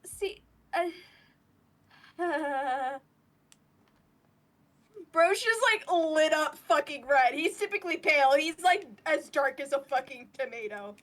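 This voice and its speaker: Woman game master, high voice, casual profane narration on a headset. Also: expressive, takes it slowly, long pauses, a bit bright. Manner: casual and profane, laughing often.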